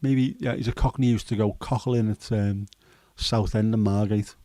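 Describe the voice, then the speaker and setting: A man in his fifties with a Scouse accent and a hoarse throat, hosting a casual chat livestream in a rambling, jokey way with many fillers. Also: fairly low pitch, fairly even intonation, moderate pace, warm tone, no room sound. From Liverpool, England. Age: 50s. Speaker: livestream host.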